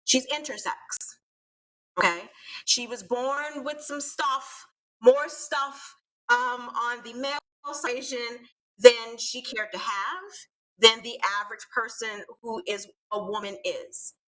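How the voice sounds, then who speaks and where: A woman's voice: a little high, takes it slowly, a bit bright, low-quality recording. A woman co-hosting a live panel talk show, explaining her point emphatically and stressing key words. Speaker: co-host.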